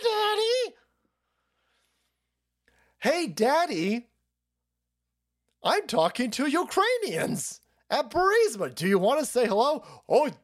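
A man's voice: very high-pitched, voice pushed up, exaggerated voice. A man doing a mocking impression of a grown son who takes his father's call during a business meeting, drawing out his words in a sing-song way. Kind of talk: mocking impression on a political stream.

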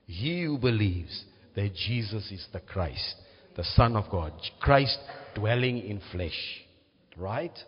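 A man's voice: on the low side, expressive, slow, husky. A man preaching a teaching sermon, often checking in with his listeners. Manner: teaching, asks "right?" to check understanding. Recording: muffled, reverberant hall.

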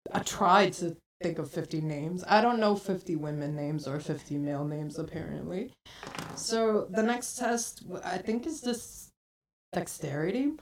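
A woman's voice: lowish voice, measured pace, distant mic, slight background noise. A woman in her twenties co-hosting a podcast, telling a rambling story full of fillers. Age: 20s. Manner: rambling storytelling, many likes. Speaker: podcast co-host. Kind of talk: casual chat.

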